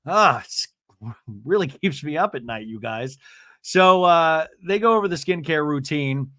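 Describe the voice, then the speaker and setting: Animated man recapping a reality show. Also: on the high side, a little slow, no echo, studio quality. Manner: animated and chatty, jokey asides. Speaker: podcast host. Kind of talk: casual TV recap commentary.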